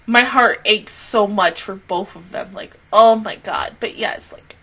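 A woman hosting an anime reaction and review, swearing, laughing and crying out, then talking it through more quietly. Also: medium pitch, measured pace, slightly rough. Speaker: anime reaction channel host.

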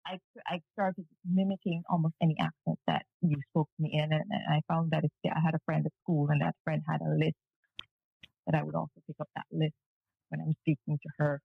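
A woman from Jamaica speaks plainly and frankly in a relaxed interview. Her voice is gravelly and a little husky. It comes through a remote call as thin, dry, phone-like audio. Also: low voice, fairly quick, dry recording. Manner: frank and matter-of-fact. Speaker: guest, cultural media commentator. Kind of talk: casual interview conversation. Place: at home in the evening. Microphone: remote video call.

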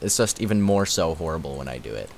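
A young man chatting on a live stream and reading out his chat, giggly and excitable, dropping to low mumbles and jumping up to high squeals. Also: quick pace, slight background noise.

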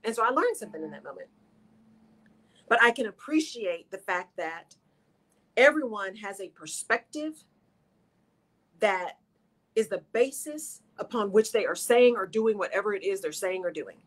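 A middle-aged woman hosts a radio show. She speaks at a medium pitch in an earnest, encouraging way and addresses her listeners directly. Her talk is motivational. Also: lively intonation, moderate pace, pauses often, a bit bright.

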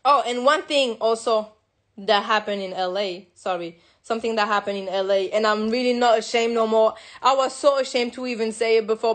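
Young french woman telling her story in english, kinda high voice, keeps repeating herself and restarting. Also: steady tone. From France. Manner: halting, repeats words, self-corrects. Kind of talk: personal confessional monologue.

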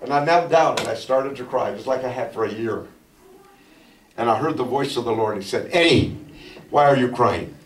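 A middle-aged male pastor giving a testimony sermon, telling his story and building to fervent, shouted praise. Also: medium pitch, a little fast, a little hiss or hum. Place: church sanctuary. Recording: echoey church from a distance.

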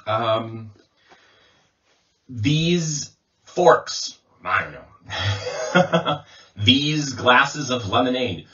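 A man as an English coach, giving a slow pronunciation lesson and repeating sounds as drills. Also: mid-range voice, a bit bright. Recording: distant mic, dull lo-fi sound.

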